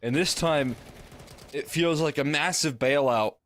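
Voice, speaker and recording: Relaxed male esports analyst. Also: fairly high pitch, a little slow. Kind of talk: colour commentary.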